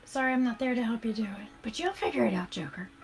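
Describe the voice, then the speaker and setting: A woman streaming as she paints shoes, chatting casually and thanking viewers in a soft, often half-whispered voice. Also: a little high, expressive, quick pace, faint music behind. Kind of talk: casual live-stream chat while painting.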